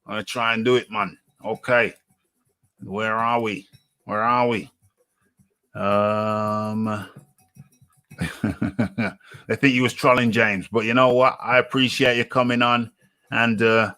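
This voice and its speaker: A man's voice: mid-range voice, bright, forceful tone. A British man hosting a live boxing talk stream, rambling and repeating his phrases with plenty of fillers. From United Kingdom. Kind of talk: casual live-stream chat.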